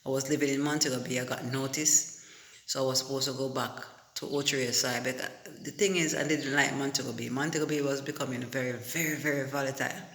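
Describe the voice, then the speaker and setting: A Jamaican man speaks straight to his viewers in a loose, animated way, with "you know" dropped between phrases. His voice sits at an ordinary middle pitch. The room around him rings with a noticeable echo. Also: fairly quick. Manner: animated, addresses viewers as guys, many you-knows. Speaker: vlogger. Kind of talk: casual storytelling to camera.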